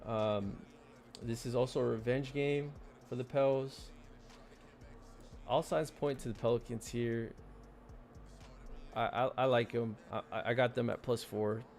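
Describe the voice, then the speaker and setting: Stammering gravelly betting host. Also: male voice, mid-range voice, steady tone, a little slow, pauses often, a little mellow. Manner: stammering, repeats words, talks to chat. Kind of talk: casual livestream chat.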